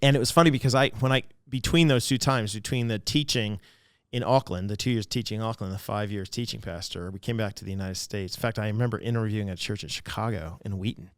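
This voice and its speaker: A man who is a pastor, speaking as a guest in a casual interview and telling stories in an animated way with frequent restarts. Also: on the low side, quick pace, hardly any pauses, clear, resonant tone, no room sound, clean studio sound.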